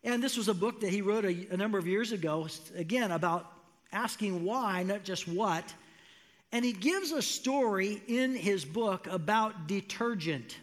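High-voiced pastor preaching in a reverberant hall. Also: male voice, moderate pace. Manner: animated, acts out quoted voices with rising pitch. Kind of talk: sermon. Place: church sanctuary.

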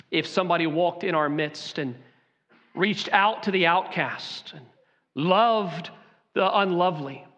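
A man preaching a sermon to his congregation with a Southern accent, emphatic and full of dramatic pauses. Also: sits high, a bit bright, muffled recording. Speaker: pastor. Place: church sanctuary.

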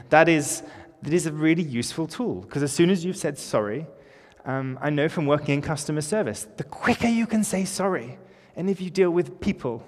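A pastor delivers his sermon in a relaxed, conversational way and slips in light jokes. His voice sits a little high for a man. Long reverb from the church trails behind every phrase.

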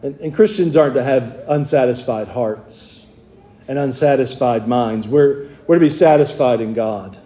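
Man, Southern US accent, pastor, sermon, warm mellow voice, chatty, asks rhetorical questions. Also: medium pitch, moderate pace. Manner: conversational preaching with rhetorical questions to the congregation.

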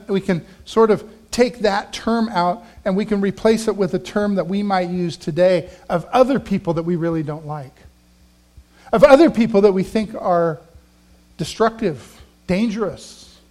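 A male pastor preaching a sermon, telling personal stories in a conversational way that swings between loud emphasis and quiet asides. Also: high voice, moderate pace.

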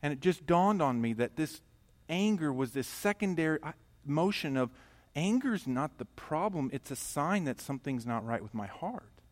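A middle-aged pastor preaching a sermon, telling a personal story and moving from loud emphatic passages to quiet, intimate ones. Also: male voice, a little high, big pitch swings, moderate pace.

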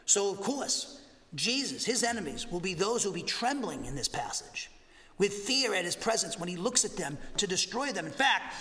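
A male pastor from New teaching a Bible lesson, animated and conversational, with jokey asides and frequent "okay?". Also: high voice, moderate pace, slight background noise. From Massachusetts, USA. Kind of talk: expository Bible teaching sermon. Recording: roomy hall reverb.

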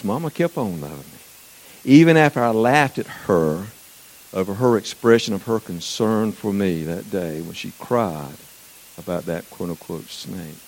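A man's voice: lowish voice, a little mellow. A man, preaching a sermon in a folksy storytelling way.

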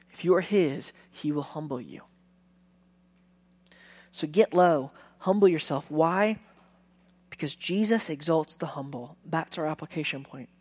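A man preaching a sermon as a pastor, conversational with casual fillers, swinging from hushed lines to loud emphasis. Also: on the high side.

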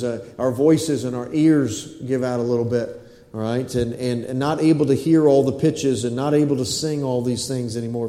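Pastor guy, easygoing chatty sermon, mellow voice, big roomy church echo. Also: a little high. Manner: folksy, conversational preaching with asides to the congregation. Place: church sanctuary. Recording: echoey hall.

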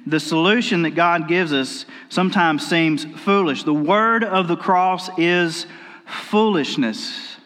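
A man's voice: high voice, a bit bright, big-room sound. A male pastor preaching a sermon, telling stories in a folksy way and often restarting his sentences. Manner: folksy storytelling with repeated restarts. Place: church sanctuary.

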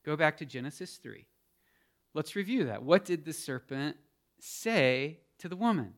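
A man preaching a sermon as a pastor, animated and emphatic, asking the congregation questions and calling for responses. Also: on the high side, a little slow. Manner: animated, rising to emphatic peaks.

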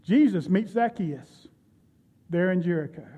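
A man's voice: sits high, lively intonation, unhurried, dark tone, slightly rough, lo-fi sound. A man preaching a sermon, retelling Bible stories and speaking directly to his congregation. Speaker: pastor.

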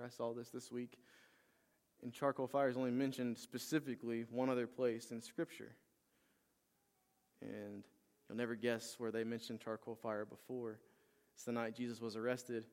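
A man preaching a sermon, retelling a Bible story with lively acted-out lines and rising energy. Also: mid-range voice. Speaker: pastor.

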